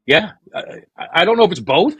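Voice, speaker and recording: A man's voice: high voice, animated, fast talker, fairly bright tone, husky, no room sound, low-quality recording. A man hosting a podcast, rambling through bawdy, playful banter and acting out quoted lines. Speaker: podcast host. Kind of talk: crude comedic podcast banter.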